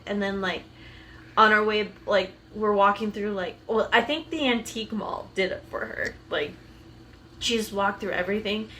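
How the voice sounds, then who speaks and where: A woman's voice: medium pitch, pushed and bright, a little hiss or hum. A woman co-hosting a podcast, chatting casually and telling stories while acting out what others said. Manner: chatty storyteller who acts out others' lines. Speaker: podcast co-host. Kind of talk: casual chat and storytelling.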